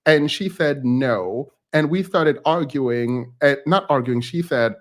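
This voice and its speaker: A man's voice: on the high side, slow. Rambling man telling a story. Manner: rambling and animated, heavy on "like" fillers, laughs often. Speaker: host of a live reaction stream. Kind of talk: casual storytelling chat.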